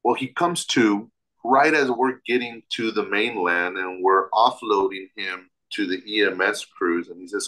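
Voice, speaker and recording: A man with a somewhat low voice recounts a personal story as an interview guest. He talks vividly and with emphasis, restarting phrases as he goes. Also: unhurried, pushed and bright, low-quality recording.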